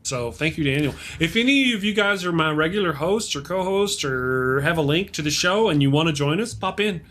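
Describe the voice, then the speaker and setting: A man's voice: on the high side, animated, brisk, fairly bright tone. A man hosting a casual live-stream chat, trading self-mocking jokes and greeting viewers. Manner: self-mocking jokey banter. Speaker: show host.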